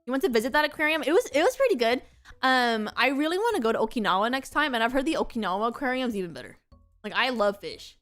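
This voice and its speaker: A high-pitched young woman rambles through a casual streaming chat, bubbly and excitable, with "like" in nearly every sentence. Faint music plays quietly behind her. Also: fast talker. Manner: excitable, rambling, heavy use of "like". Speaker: VTuber streamer.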